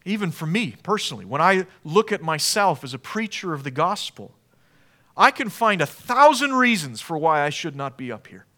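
A pastor delivering a sermon in a church, moving between quiet, hushed passages and raised, emphatic ones. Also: male voice, a little high, big pitch swings, normal speed. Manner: dynamic preaching, swinging from hushed to emphatic. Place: church sanctuary.

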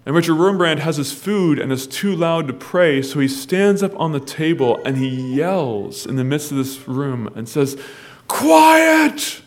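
A man preaching a sermon, telling a story and building to loud, impassioned exhortation. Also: on the high side, moderate pace, hardly any pauses, soft background music. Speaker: pastor.

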